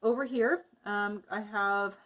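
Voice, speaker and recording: A woman's voice: mid-range voice, fairly even intonation, slow, fairly bright tone. A woman casually narrating a soap-making tutorial, explaining each step with frequent fillers. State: muffled by a face mask. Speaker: soap maker.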